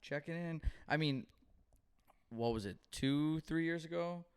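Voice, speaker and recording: A man's voice: a little high, a little slow, a little mellow, clean tone. A young man co-hosting a podcast, telling stories in casual chat with lots of swearing and acted-out dialogue. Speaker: podcast co-host.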